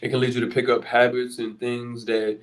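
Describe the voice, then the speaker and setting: Podcast host, male, Philly accent, middle pitch, talks straight to listeners with rhetorical questions. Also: little pitch movement, moderate pace. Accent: Philadelphia. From Philadelphia, USA. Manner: conversational, rhetorical questions, blunt. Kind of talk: motivational monologue.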